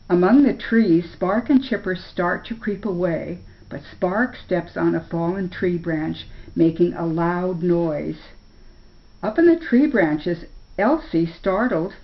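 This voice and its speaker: An older woman reading a children's story aloud in a slow, careful way. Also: on the low side. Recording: dull lo-fi recording.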